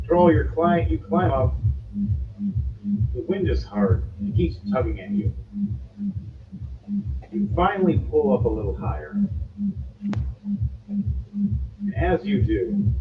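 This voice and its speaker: A man narrating a tabletop game as game master, in a casual, descriptive way. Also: medium pitch. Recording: muffled distant mic with background noise.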